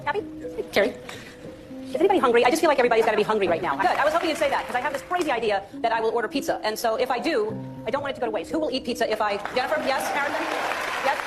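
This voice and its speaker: A woman talks fast and playfully with a slightly raised pitch while she works a crowd as host. Loud music and a crowd noise sit close behind her voice. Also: animated.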